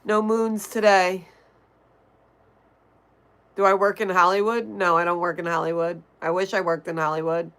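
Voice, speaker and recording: A woman's voice: lowish voice, flat delivery, moderate pace, pauses often, a bit bright, smooth. A woman with a nasal voice, chatting casually on a livestream and answering viewer messages as she reads them. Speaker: livestream host. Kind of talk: casual livestream chat, reading chat.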